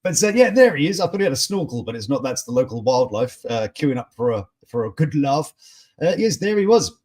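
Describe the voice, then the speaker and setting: Husky, lively man hosting chat. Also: medium pitch, a little fast. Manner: chatty, jokey, reacts to viewer comments. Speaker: host of a morning news chat stream. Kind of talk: casual live chat reading news and comments.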